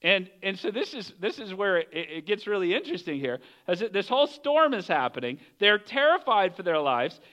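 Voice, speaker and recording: A male pastor delivering a sermon in a high, lively voice with a bright edge. He tells the story animatedly, slipping into the voices of its characters. The recording sounds somewhat dull and lo-fi. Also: a little fast, few pauses.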